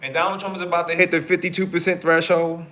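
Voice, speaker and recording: A male host giving excited live election-night commentary, repeatedly reading out vote counts. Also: high voice, fast, roomy sound.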